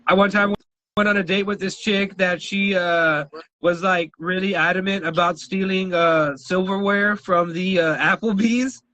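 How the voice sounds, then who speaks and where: Animated high-voiced man telling stories. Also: measured pace, dry recording, rough recording. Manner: animated storyteller, swears a lot, laughs often. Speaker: podcast co-host. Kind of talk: casual podcast chat.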